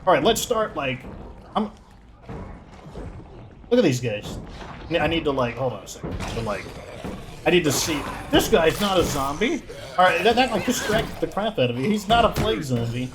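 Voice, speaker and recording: A man hosting a let's play, commenting in an excitable, rambling way and filling his talk with "like". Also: fairly high pitch, normal speed, long pauses, background noise. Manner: excitable, rambling, heavy use of "like". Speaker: gaming channel host.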